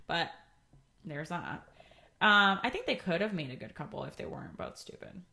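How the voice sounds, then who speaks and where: A woman's voice: lowish voice, animated, normal speed, creaky, bright, forceful tone. A young woman co-hosting a podcast, chatting casually with blunt opinions and lots of filler words. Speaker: podcast co-host. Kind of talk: casual chat.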